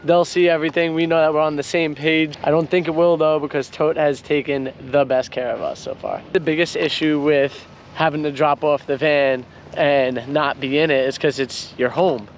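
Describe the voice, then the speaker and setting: A man hosting a casual travel vlog, talking through plans to the camera in a relaxed way. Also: a little high, moderate pace, muffled recording, a little hiss or hum. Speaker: travel vlogger.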